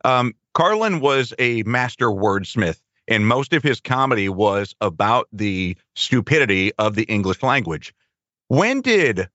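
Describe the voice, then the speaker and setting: A man's voice: on the low side, fairly bright tone, no room sound. A middle-aged man, a longtime radio co-host, chatting casually in a reflective, easygoing way. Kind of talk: casual chat. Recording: dry, dull lo-fi sound.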